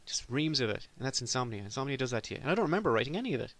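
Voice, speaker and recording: This Irish man hosts a solo comedy podcast in a mid-range voice with big pitch swings. He races along with few pauses, rambling self-deprecatingly and breaking into sudden exasperated outbursts.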